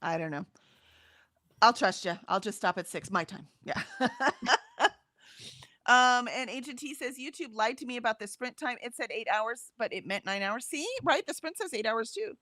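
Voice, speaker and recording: A woman's voice: a little high, lively intonation, moderate pace, pushed and bright, dry recording, studio quality. A woman co-hosting a casual livestream, reading chat comments aloud and chatting, often laughing and trailing off mid-sentence.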